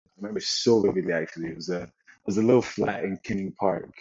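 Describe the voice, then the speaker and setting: A young man from Nigeria, a football player, telling his story in a relaxed interview chat with many restarts. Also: low voice, fast talker, breathy edge, no room sound. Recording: dull lo-fi sound.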